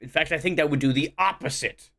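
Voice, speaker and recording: A man's voice: fairly high pitch, fast, creaky, bright, forceful tone. A man streaming a video game and commenting casually, full of crude jokes and self-mocking banter. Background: game music and gunfire.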